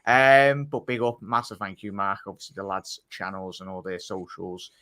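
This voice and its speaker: A man's voice: deep voice, flat delivery, normal speed, sharp tone, dry recording. A man hosting a fan live stream, thanking viewers and reading their comments. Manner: friendly, thanks viewers by name. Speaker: host.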